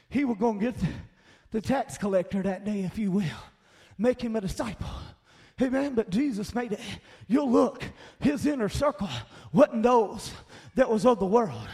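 A man with a Southern Appalachian accent delivers a sermon in an unusually high voice. His preaching climbs into fiery shouts, and he keeps checking in with his listeners with "Amen" and "Hello.". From American South.

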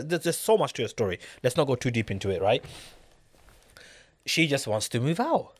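A man's voice: medium pitch, big pitch swings, normal speed, long pauses, slightly rough. A man in a casual discussion, speaking emphatically and often asking his listener if he gets it. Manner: emphatic, keeps asking "do you get it?".

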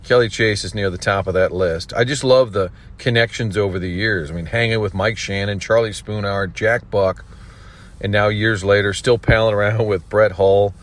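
A man's voice: on the low side, steady tone, normal speed. A man hosting a talk radio segment, wrapping up with enthusiasm and reading sponsor mentions. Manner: chatty, enthusiastic wrap-up. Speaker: radio host.

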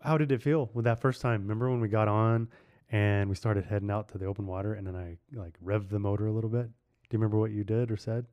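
A man hosting a casual podcast with his kids, playful and quick to laugh as he quizzes them. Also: fairly low pitch, fairly even intonation, dull audio. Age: adult. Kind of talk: casual family podcast chat.

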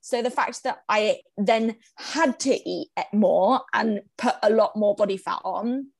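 A young woman chatting casually, animated, swearing freely and laughing often. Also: medium pitch, unhurried, creaky, breathy edge. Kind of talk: casual chat.

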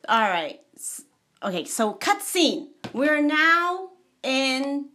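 A woman casually retelling a movie, rambling and animated and adding her own sound effects. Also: high voice, slow pace.

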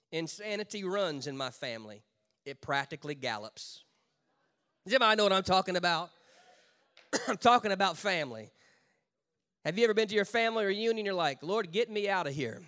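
High-voiced preacher with dynamic swings. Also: male voice, animated. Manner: preacherly, dynamic swings from loud calls to low, slow emphasis; conversational asides with humor. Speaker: pastor. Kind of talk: sermon.

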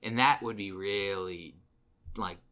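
A man talks through a film scene by scene on a casual review podcast. His voice sits low but has a bright, forward edge. He fills pauses with ums and restarts his sentences. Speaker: podcast co-host.

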